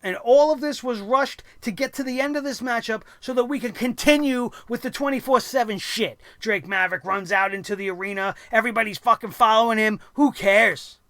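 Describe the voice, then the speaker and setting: A man's voice: very high voice, brisk, hardly any pauses, pushed and bright, no room sound, clean studio sound. A man hosting a wrestling review show, ranting bluntly and sarcastically with plenty of swearing.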